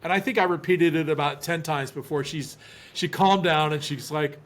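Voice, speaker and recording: A man's voice: fairly high pitch, normal speed. A man, a relationship expert guest, telling a personal story earnestly in an interview. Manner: earnest, repeats words when starting.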